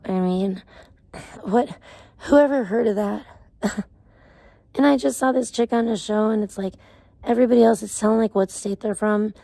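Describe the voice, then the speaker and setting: Woman streamer, low gravelly edge, warm relaxed tone, rambling profane rants to chat. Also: normal speed, long pauses, no echo. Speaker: live streamer. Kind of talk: casual livestream chat.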